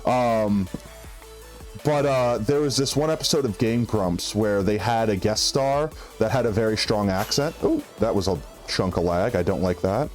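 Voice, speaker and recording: A man streaming a survival game, chatting casually with quick rambling asides, with music playing behind him. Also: on the low side. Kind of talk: casual gaming chat.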